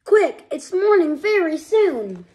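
A woman squeaking as a jittery little robot sidekick. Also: animated, takes it slowly, heavily acted. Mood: urgent.

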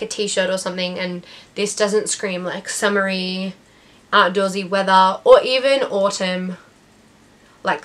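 A young Australian woman with a mid-range, slightly bright voice hosts her knitting podcast while she has the hiccups. It's a casual chat, rambling and full of ums and restarts.

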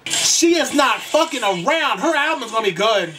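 A man's voice: extremely high pitch, sing-song, moderate pace, far from the mic. A man reacting to a pop song in a vlog, gushing, campy and profane, with sudden shrieks. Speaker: music reaction youtuber. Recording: loud song playing behind, voice a bit off-mic. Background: pop song playing.

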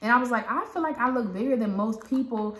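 A woman vlogger with a Southern American accent, chatting and retelling a story with lively quoted dialogue. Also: a little high, fast talker. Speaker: parenting vlogger. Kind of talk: casual storytelling. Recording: echoey room.

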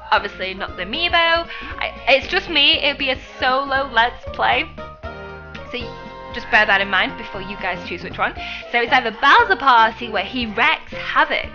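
A woman's voice: a little high, muffled recording. A young woman live streaming a game, chatting with viewers and greeting them by name. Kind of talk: live stream chat while gaming.

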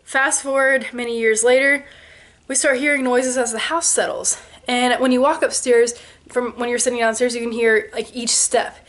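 Animated young woman telling a ghost story. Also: fairly high pitch, normal speed. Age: 20s. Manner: animated, with sound effects and quoted voices. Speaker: vlogger.

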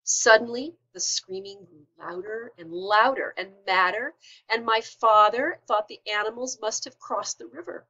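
A woman teacher reading a children's storybook aloud with expressive delivery. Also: mid-range voice, unhurried, highs cut off.

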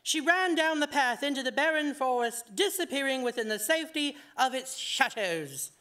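A woman reading her own short story aloud at a fiction night, in an expressive storytelling manner. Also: sits high, normal speed.

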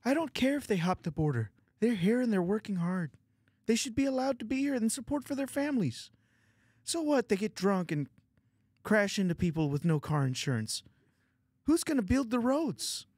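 A man putting on an impression of a lecturing Canadian male pundit with a high, nasal, Kermit-like whine. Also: big pitch swings, normal speed, darkish tone, husky, dry recording, studio quality, exaggerated voice. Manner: lecturing, preachy and indignant.

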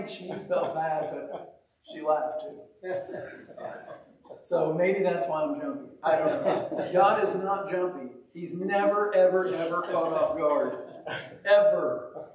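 A man with a slightly high voice preaches in a loose, storytelling way and pokes fun at himself as he goes. He sounds as if he is standing well back from the mic. The room gives off a heavy, hollow echo. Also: takes it slowly. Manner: folksy, self-deprecating, animated storyteller. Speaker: pastor. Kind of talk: conversational sermon with storytelling. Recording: echoey church hall, mic at a distance.

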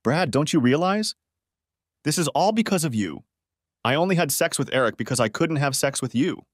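A man's voice: a little high, lively intonation, moderate pace, no room sound, clean studio sound, voice pushed up. A man voicing a pleading tearful wife. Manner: pleading, apologetic.

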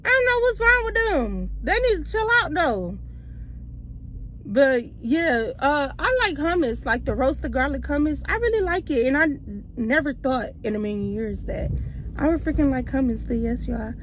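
A young woman with a fairly high voice chats to her viewers on a phone while out on errands, sometimes short of breath from walking. She sounds easily exasperated and talks straight to the camera. Faint traffic and street noise sit behind her. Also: sing-song, moderate pace, a bit bright, low-quality recording. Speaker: vlogger. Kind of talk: casual vlog chat to viewers. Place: out and about, walking and driving.

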